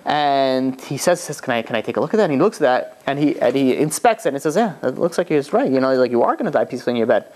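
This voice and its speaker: A man's voice: medium pitch, quick pace, hardly any pauses. A man, a rabbi, telling a story in a loose, conversational lecture and acting out the characters' lines. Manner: lively retelling that acts out the characters' quoted lines; loose and conversational, often saying "you know".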